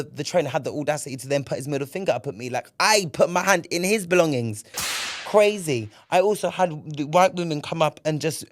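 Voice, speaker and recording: A young man hosting a solo podcast, telling a story in an animated, profane way. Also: a little high. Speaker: podcast host.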